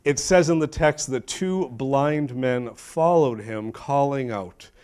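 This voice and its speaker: A middle-aged male pastor preaching a sermon in a church, emphatic, questioning his congregation and swinging between loud and hushed. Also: mid-range voice, takes it slowly, clean tone. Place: church sanctuary.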